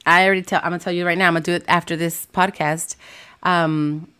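A woman co-hosting a podcast, chatting casually and excitably with friends, mixing English and Spanish. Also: on the low side, quick pace, clean tone. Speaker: podcast co-host. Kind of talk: casual chat among friends.

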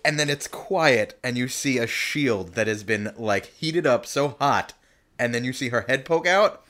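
A man in a casual chat, excitable and gushing, fumbling for words when he gets carried away. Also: medium pitch, a little slow.

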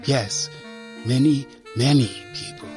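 A man voicing a gentle, chatty young nun who speaks in a bright, coaxing way in a storybook reading. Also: medium pitch, slow, music in the background, natural voice.

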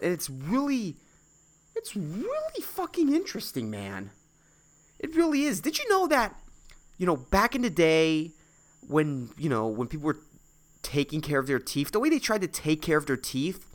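A man's voice: fairly high pitch, fairly bright tone. Young guy podcast host swearing through a solo rant, voice swinging up and down a lot. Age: 20s. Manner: profane, exasperated ranting with lots of fillers.

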